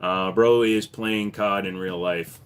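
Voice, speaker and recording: A man's voice: low-pitched, steady tone, slow, a little hiss or hum. A man hosting a casual livestream, a firearms dealer who reads viewer questions aloud and answers them in a laid-back way, with many ums.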